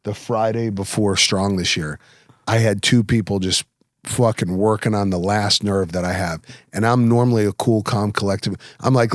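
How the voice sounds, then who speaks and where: A man's voice: lowish voice, normal speed, no echo, studio quality. A man hosting a podcast, telling blunt, profane stories in casual chat. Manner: blunt, profane, lively storyteller. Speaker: podcast host.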